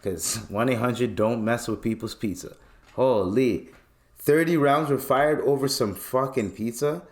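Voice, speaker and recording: Hosting his casual podcast alone, a young man from Canada talks unhurriedly in a mid-range voice. His delivery is slangy and lively, with bits where he acts out scenes and does voices.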